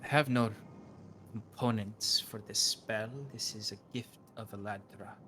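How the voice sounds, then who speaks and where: A man voicing a cryptic, intense tabaxi cleric woman in a hushed, breathy, ominous manner. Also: on the low side, fairly even intonation, unhurried, a little hiss or hum. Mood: solemn.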